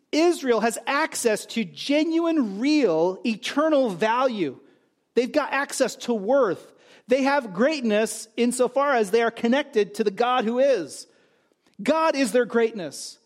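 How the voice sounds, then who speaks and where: A man preaching a sermon in a conversational way, with emphatic rises and quiet asides. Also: very high voice. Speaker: pastor.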